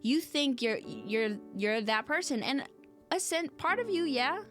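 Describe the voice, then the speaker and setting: A woman's voice: high-pitched, animated, a little slow, a bit bright, soft background music. A woman hosting a podcast, talking earnestly and conversationally and often turning to address her listeners directly. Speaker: podcast host. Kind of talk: reflective solo podcast talk.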